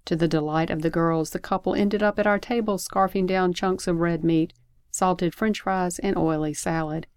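A woman reading her own story aloud, expressive and lively, with asides. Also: lowish voice, normal speed, clean tone, no room sound, studio quality.

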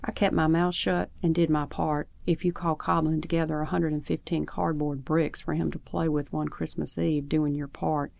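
A woman author reading her own short story aloud in a steady, plainspoken first-person telling. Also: low voice, moderate pace, vocal fry, hardly any pauses, no echo.

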